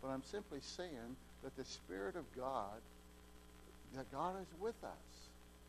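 A man delivering a plain-spoken sermon in an ordinary middle-pitched voice. He stumbles and repeats words as he works through a point, then surges loud on the key lines. It sounds like a homespun pulpit talk. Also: lively intonation, slow pace, vocal fry, background noise. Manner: folksy preaching, repeats words, swings from quiet to loud. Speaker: preacher.

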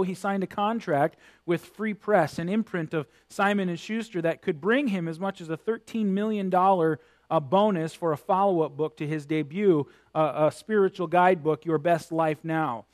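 Male preacher, high-pitched, critical sermon delivery that builds in emphasis. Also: moderate pace, a little mellow.

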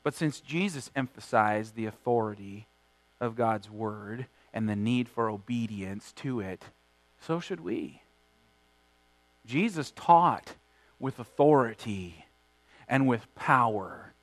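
A man preaching a sermon as pastor, emphatic, slowing down and swelling on key words, often repeating words as he restarts a phrase. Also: medium pitch, animated, no echo, poor audio.

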